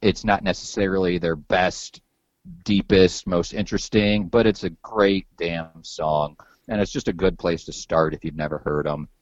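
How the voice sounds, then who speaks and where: A man's voice: low voice, steady tone, moderate pace, dry recording, lo-fi sound. A man hosting a podcast in casual chat, rambling and loose with some swearing and many repeated words. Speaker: podcast host.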